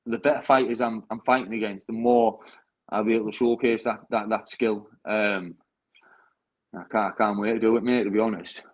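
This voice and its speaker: A man's voice: fairly low pitch, steady tone, moderate pace, dull audio. A young British man, a bare-knuckle fighter, chatting after a fight with lots of restarts and "mate" in every sentence. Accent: British English. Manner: chatty, says "mate" constantly, rambling restarts. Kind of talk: post-fight interview chat.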